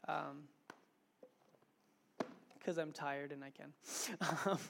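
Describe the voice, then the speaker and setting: A young man preaching an informal evening sermon, talking casually with filler words and retelling stories in an animated way. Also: a little high, very slow, creaky, slight background noise.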